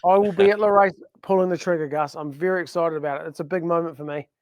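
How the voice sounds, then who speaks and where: A man's voice: a little high, steady tone, fast talker, dry recording. A man co-hosting a podcast, joking and rambling in casual banter, exaggerating for laughs. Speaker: podcast co-host. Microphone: studio microphone.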